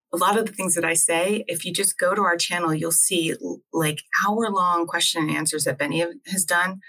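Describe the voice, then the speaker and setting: A woman's voice: fairly low pitch, sharp tone, poor audio. A woman from New Jersey chatting casually as co-host, talking in a rambling way with frequent restarts. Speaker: co-host, acupuncturist. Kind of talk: casual video chat.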